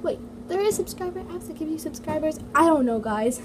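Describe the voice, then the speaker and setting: A woman's voice: high voice, animated, fairly quick. A female toy vlogger chatting casually in her basement, full of "like" and "so yeah" fillers. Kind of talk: casual chat reading comments. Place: home basement. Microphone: iPad mini. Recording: noisy home recording, heater hum. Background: heater running.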